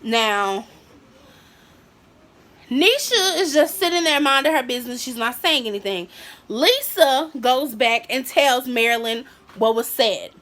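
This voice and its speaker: A young woman telling a casual storytime on her vlog, with a high, bright voice. She is animated and slips into the voices of the people she quotes. Her tone is lively and personal. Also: unhurried. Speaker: vlogger.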